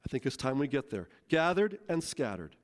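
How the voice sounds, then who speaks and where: A man preaching a sermon, telling a story in a lively, conversational way and acting out the quotes. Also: mid-range voice, normal speed. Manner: animated, conversational, acts out quotes. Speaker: pastor.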